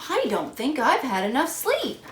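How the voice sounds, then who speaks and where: A woman's voice: high voice, wildly swooping pitch, a little slow, echoey room, pitched above the performer's own voice, full character voice. A woman reading aloud and voicing a kindly male groundhog who fusses over his neighbors' ailments and gives earnest advice. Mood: sleepy, worried. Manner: earnest, fussing, helpful.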